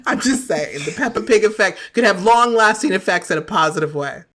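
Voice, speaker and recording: A woman's voice: mid-range voice, expressive, fairly quick, a bit bright. A woman co-hosting a podcast in casual chat, rambling and often laughing. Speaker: podcast co-host.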